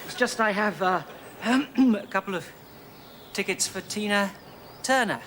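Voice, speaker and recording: An actor playing a shy, smitten young country squire who stammers and hesitates. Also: male voice, sits high, a little slow, fairly bright tone, a little hiss or hum. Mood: awkward, shy.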